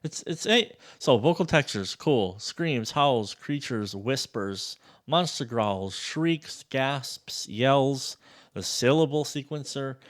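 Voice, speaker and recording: A man demoing a sample library in a casual, excitable walkthrough, loose and swearing freely. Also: mid-range voice, slow pace. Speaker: music producer reviewing a sample library.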